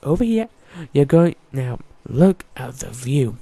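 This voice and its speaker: A man's voice: mid-range voice, big pitch swings, a little slow, creaky, warm tone, husky, dry recording. A man giving casual, chatty let's-play commentary, joking and talking to the game's characters as he plays. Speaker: gaming YouTuber.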